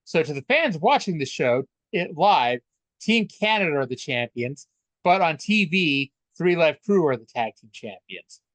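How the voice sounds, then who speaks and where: Dry-miked chatty man, slightly high. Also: sing-song, a little slow, fairly bright tone, no room sound. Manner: chatty, stammering restarts, swears casually. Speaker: podcast co-host. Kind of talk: casual wrestling recap chat.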